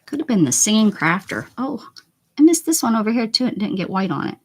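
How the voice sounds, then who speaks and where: A woman's voice: mid-range voice, very animated, fairly quick. Chatty woman with a northern US accent. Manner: chatty, mutters and whispers asides to herself; reads out and answers viewer chat. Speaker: craft livestream host. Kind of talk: casual chat while painting.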